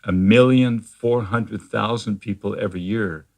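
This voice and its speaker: A man speaking as a therapist guest in a conversational interview, explaining at a measured pace with frequent fillers and restarts. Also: lowish voice, creaky, darkish tone.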